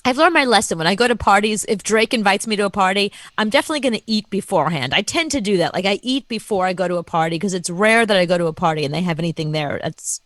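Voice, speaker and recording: A woman co-hosting a radio show, telling a story in an animated, chatty way and laughing easily. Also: mid-range voice, quick pace, hardly any pauses, dry recording. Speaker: radio co-host. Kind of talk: casual radio chat.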